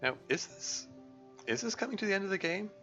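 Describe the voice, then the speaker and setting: A male streamer gives rambling let's-play commentary with a lively, gravelly voice. He often hesitates and restarts as he thinks aloud. His voice is slightly dull in the recording, with faint game music behind. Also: high voice, fairly quick.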